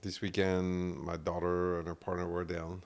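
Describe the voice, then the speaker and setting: Middle-aged French-accented male co-host; deep and gravelly; easygoing, trailing-off podcast banter. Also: monotone. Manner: laid-back, halting, trails off mid-sentence. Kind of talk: casual chat. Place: design showroom, indoors.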